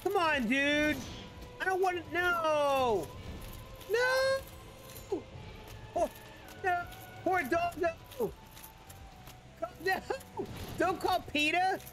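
Woman gamer, unhurried, emotional running commentary over faint game music. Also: very high-pitched. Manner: emotional, reacting aloud, apologetic.

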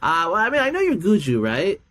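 A middle-aged man, a podcast guest and geneticist, chatting casually and telling stories, with many fillers and laughs. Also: brisk. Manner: animated storyteller, acts out quoted people with big pitch jumps. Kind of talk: casual chat.

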